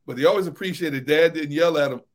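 A middle-aged man co-hosting a sports talk show, telling relaxed stories and chuckling often. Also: a little high, quick pace. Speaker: sports radio co-host. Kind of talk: casual chat.

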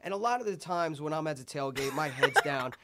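Excitable rambling male podcast host. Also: on the high side, a little fast, heavy background noise. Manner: excited, rambling storytelling with swearing. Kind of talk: casual sports chat.

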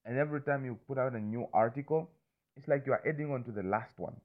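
A man talks fast at medium pitch in a loose, rambling monologue, repeating himself and swearing freely. He keeps checking in with "you understand me?", and the recording sounds thin, like a phone.

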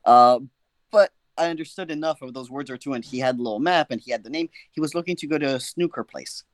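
A young man telling a funny personal story in a casual, animated, self-mocking way, often checking in with his listener. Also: medium pitch, fast talker, no room sound. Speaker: guest storyteller.

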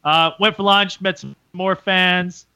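A man's voice: unhurried, clear, resonant tone, no room sound. A man co-hosting a podcast, telling a story in casual chat with lots of swearing, acting out the people he quotes. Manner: animated, swearing, acts out quotes in high voices. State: hungover. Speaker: podcast co-host.

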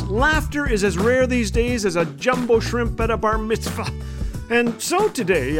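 Lively high-voiced joke-telling man. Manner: joke-telling, self-deprecating. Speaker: host. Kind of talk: humorous devotional radio talk.

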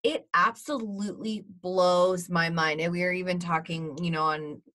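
A woman co-hosting a podcast, talking in a rambling, animated way with lots of fillers. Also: fairly low pitch, normal speed. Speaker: podcast co-host. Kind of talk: casual podcast chat.

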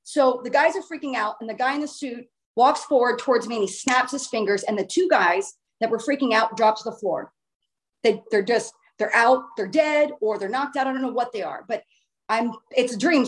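A woman casually telling a long personal story in a chatty, animated way, with the odd swear word. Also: on the high side, fairly quick.

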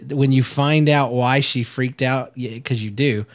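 Low-voiced chatty mom. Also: female voice, fairly even intonation. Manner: chatty, halting with fillers and restarts, laughs often. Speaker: parent co-hosting a show with her child. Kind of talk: casual chat reviewing a cartoon.

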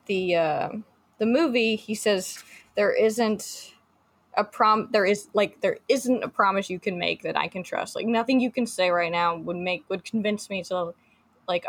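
Chatty woman podcast co-host. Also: mid-range voice. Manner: chatty, with many fillers and restarts. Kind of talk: casual chat, reading book passages aloud.

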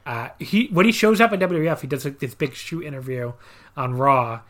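A man's voice: mid-range voice, expressive, fairly quick, fairly bright tone. A man co-hosting a podcast, casually recapping a wrestling match with dry sarcasm and many fillers.

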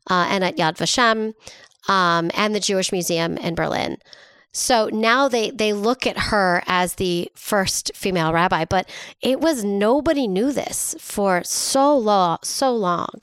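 A woman in her thirties co-hosting a podcast, her voice smooth and clear. She tells stories casually, with fillers and self-mocking jokes. The recording is dry and close. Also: mid-range voice, no echo. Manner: warm, quick storytelling with fillers and self-mocking humor. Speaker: podcast co-host.

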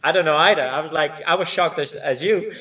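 Man, mixed spanish-dutch accent, guest on a video call, fillers and pauses, distant muffled lo-fi sound. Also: fairly high pitch, bright, forceful tone. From Spain. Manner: searching for words with many fillers. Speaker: guest choreographer. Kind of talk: casual interview chat.

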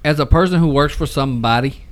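A man's voice: fairly high pitch, quick pace. A man in his thirties, a podcast co-host, talking casually with frequent swearing and laughter, poking fun at himself. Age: 30s. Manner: profane, laughing, self-mocking. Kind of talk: casual chat.

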